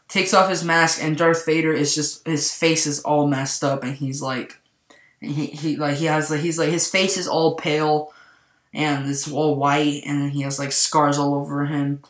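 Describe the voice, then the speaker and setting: A man's voice: on the high side, steady tone, moderate pace, fairly bright tone. Rambling young-sounding man in an echoey room. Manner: rambling, heavy use of "like". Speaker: movie reviewer. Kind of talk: casual spoiler review.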